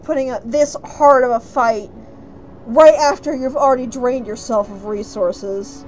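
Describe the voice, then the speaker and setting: A woman's voice: a little high, unhurried, rough recording. A woman streaming a video game, ranting angrily and swearing about a fight she keeps losing. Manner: angry profane ranting, loud outbursts. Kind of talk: live gameplay commentary. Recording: game music under the voice. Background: game music.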